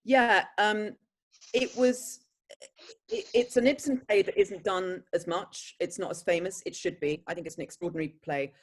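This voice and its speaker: Actress, middle-pitched, animated anecdotal interview guest on a video call. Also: female voice, moderate pace. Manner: animated storyteller, breaks into laughter.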